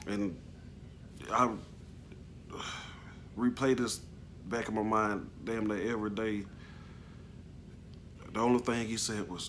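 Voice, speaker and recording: Guy with a lowish voice telling his story, loose and slangy, kinda halting and emotional. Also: fairly even intonation, slight background noise. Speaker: vlogger telling a personal story. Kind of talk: casual storytelling.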